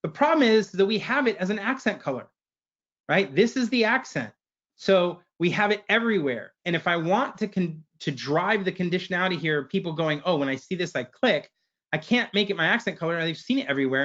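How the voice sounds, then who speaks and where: A man presenting a webinar, walking through a software screen share in a casual way and tagging his sentences with "right?". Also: a little high, dull audio. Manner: casual, keeps asking "right?".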